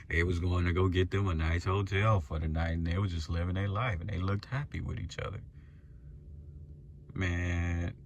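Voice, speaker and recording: A man's voice: sits low, a little hiss or hum. A man hosting a podcast, talking to the guys in a loose, slangy, profane monologue and chuckling as he goes. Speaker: podcast host. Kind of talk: casual confident monologue to the guys.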